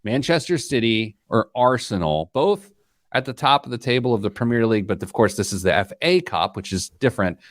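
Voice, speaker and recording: A man hosting a money podcast in casual chat, joking and animated. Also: mid-range voice, no echo, clean studio sound. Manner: joking, animated, quick asides. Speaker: podcast host.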